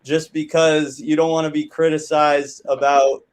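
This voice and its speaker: A man's voice: on the high side, level tone, unhurried, rough recording. A man with an American accent hosting a live stream, pressing his point in an argumentative way. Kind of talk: heated live-stream debate.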